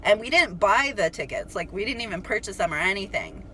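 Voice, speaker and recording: Bright-voiced chatty young woman. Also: mid-range voice, a little fast, a little hiss or hum, low-quality recording. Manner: chatty, animated, heavy use of "like"; swears casually. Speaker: spiritual vlogger. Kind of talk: casual storytelling to camera.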